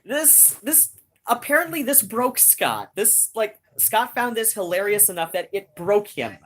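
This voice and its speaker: A woman's voice: medium pitch, very animated, unhurried. A woman hosting a live stream, chatting casually and rambling with many restarts, talking straight to her viewers. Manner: talks straight to viewers in chat.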